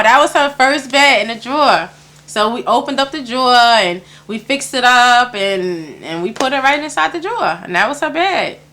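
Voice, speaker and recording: This woman's voice sits a little high and sounds pushed and bright as she recounts personal stories during an interview. Laughter comes often, and she mimics the voices of whoever she's quoting.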